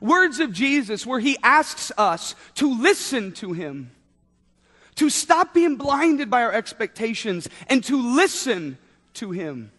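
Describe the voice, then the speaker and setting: A man's voice: extremely high pitch, big pitch swings, slow pace, sharp tone. A man in his thirties preaching a sermon, telling a story with playful asides. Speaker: pastor. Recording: long hall reverb.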